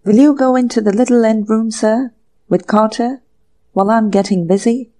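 A woman's voice: on the high side, normal speed, mellow, voice pushed up, close to an everyday voice. A woman reading an audiobook, voicing a polite, good-humoured police inspector who speaks respectfully. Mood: courteous. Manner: respectful, courteous.

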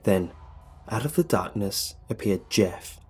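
A man's voice: on the low side, animated, slow, darkish tone, breathy edge. A man narrating a comedic horror story in the first person, with dry comic asides. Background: faint music.

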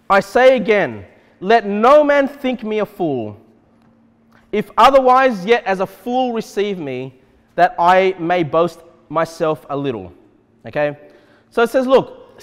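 Male pastor, expressive preaching, wide-ranging pitch, reverberant church sound. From Australia. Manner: animated, repeatedly checks in with "okay?". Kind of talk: expository sermon.

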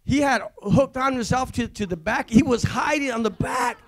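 A man, a visiting pastor, giving a rambling, excitable testimony at a church service, full of restarts. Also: very high-pitched, normal speed. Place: church sanctuary.

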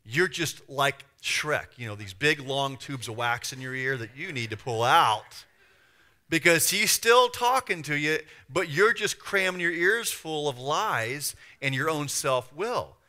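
A man preaching a sermon as pastor, lively and acting out the voices he quotes. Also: on the high side, a little slow. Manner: animated, acts out voices and quotes. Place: church.

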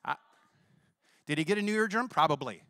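A man's voice: on the high side, a little fast, no room sound, clean studio sound. A man preaching a sermon, telling healing stories in a casual, conversational way and acting out the quotes. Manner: lively, conversational, acts out quotes. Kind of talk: sermon storytelling.

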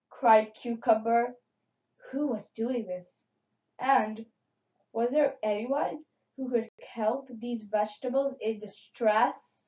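A woman reading children's picture books aloud in an expressive, dramatic way, in a dull lo-fi recording. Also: fairly high pitch, takes it slowly. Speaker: storybook reader.

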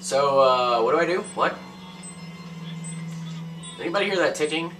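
A young man giving crude, profane gameplay commentary, ranting loudly and then muttering under his breath. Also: on the high side, expressive, moderate pace, recorded from a distance, music in the background. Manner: loud, crude, ranting, jumps between yelling and muttering. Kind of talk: profane let's-play commentary.

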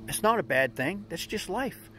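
A man's voice: high voice, animated, normal speed, fairly bright tone, a little hiss or hum. A middle-aged man hosting a daily vlog, giving folksy, upbeat motivational talk in plain slang. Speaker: vlog host.

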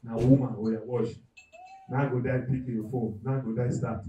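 A man with a Nigerian accent doing live stand-up comedy, animated and loud, acting out characters and shouting punchlines. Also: medium pitch, moderate pace, roomy sound, far from the mic, rough recording. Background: audience.

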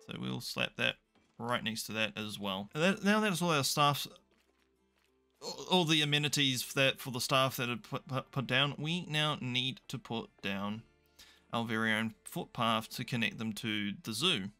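Man, young adult, let's play commentary, gravelly edge, bright tone, soft music behind. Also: mid-range voice, moderate pace. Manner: chatty, thinking aloud, dry self-mocking asides. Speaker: gaming YouTuber.

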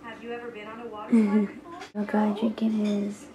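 A woman's voice: medium pitch, little pitch movement, a little fast, crowd noise, low-quality recording. A young woman hair stylist rambling through a casual vlog at home. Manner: rambling, chatty, slips into whispers.

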